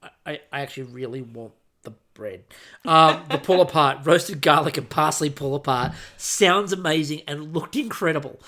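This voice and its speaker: A man co-hosting a podcast, telling stories in a lively, animated way and swearing casually. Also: on the high side, moderate pace. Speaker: podcast co-host.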